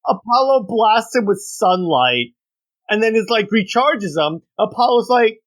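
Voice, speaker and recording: A man's voice: high-pitched, expressive, a little slow. A man co-hosting a podcast, enthusiastically reading comic quotes aloud in casual chat. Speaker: podcast co-host.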